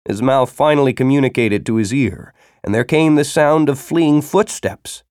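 A man narrating a story in a dramatic reading style, breaking into urgent, shouted dialogue. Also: mid-range voice, moderate pace, no echo, clean studio sound. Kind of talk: audiobook narration.

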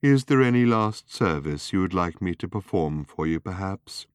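Male reader's worn-out gloomy robot: deep, slow, hollow and groaning, dry booth sound. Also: expressive, clear, resonant tone, no echo. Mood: mournful. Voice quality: hollow rattle. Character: ancient gloomy male robot, rusty, self-pitying.

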